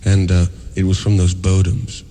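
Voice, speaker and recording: A man's voice: sits low, monotone, normal speed, warm tone. A man from South Africa, a musician guest on a radio show, talking in a giddy, silly, jittery way, rambling with many restarts. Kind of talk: casual radio interview. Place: radio studio.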